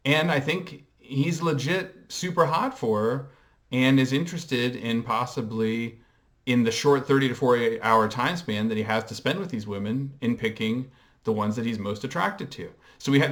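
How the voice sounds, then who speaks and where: Man, mid-pitch, reflective vlogger; measured, hesitant delivery full of ums. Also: fairly bright tone. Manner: explains and coins terms in a measured way. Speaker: pop culture vlogger. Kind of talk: casual commentary.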